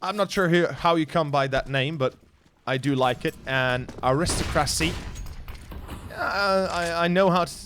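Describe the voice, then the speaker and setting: Casting alone in English, a non-native speaker, this young Slovenian esports commentator carries a Slovenian accent and keeps a moderate pace against slight background noise. When the action heats up his voice shoots up in pitch and loudness, and in the lulls he talks with his viewers.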